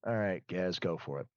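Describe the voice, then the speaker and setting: A man's voice: deep voice, dry recording. Male game master, patient rule explainer, dull dry mic. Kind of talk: narrating a tabletop role-play on stream.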